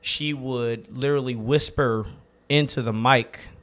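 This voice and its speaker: A man guesting on a podcast, making his points quickly and emphatically. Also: medium pitch, steady tone, a bit bright. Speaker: comedian guest. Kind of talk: casual chat.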